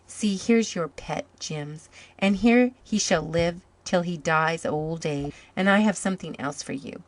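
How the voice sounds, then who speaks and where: A tender, motherly storybook lady with a soft, wistful way of speaking, as a woman reader gives her voice. The voice sits a little low and gentle. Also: measured pace, no room sound.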